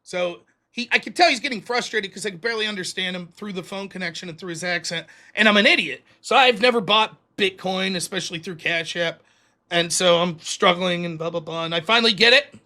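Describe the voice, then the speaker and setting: A man's voice: sits high, fairly quick, pushed and bright. A man hosting a livestream show, telling a story casually, acting out both sides of the dialogue in a profane, self-mocking way.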